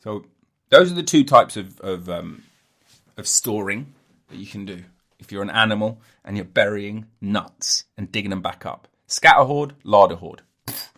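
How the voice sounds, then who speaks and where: A man's voice: on the low side, expressive, normal speed, fairly bright tone. A man hosting a solo comedy podcast, rambling and joking, cutting himself off and laughing at his own jokes. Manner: jokey, self-interrupting, laughs at own jokes. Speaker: podcast host.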